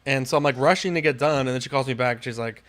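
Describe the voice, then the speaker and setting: A man's voice: medium pitch, racing, noisy background. A young man telling a frustrated story on a podcast, swearing often and breaking into exasperated outbursts. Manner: exasperated, swears a lot, rants with rising outbursts. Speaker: podcast co-host. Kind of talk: casual storytelling chat.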